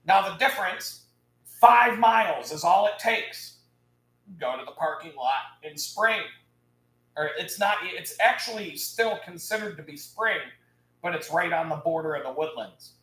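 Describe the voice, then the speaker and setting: A man on a live stream telling a story in a casual, animated rant, swearing and laughing. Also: high-pitched, measured pace, reverberant, rough recording. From Houston area, United States.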